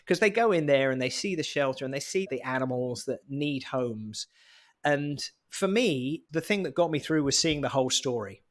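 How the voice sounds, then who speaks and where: A man's voice: medium pitch, lively intonation, normal speed. A man co-hosting a podcast, telling a story in a chatty, jokey way. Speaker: podcast co-host. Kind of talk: casual podcast chat.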